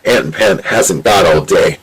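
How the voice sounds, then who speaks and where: A man's voice: sits low, measured pace, husky, heavily acted, poor audio. A man voicing Goliath, a curt, impatient male dungeon guard.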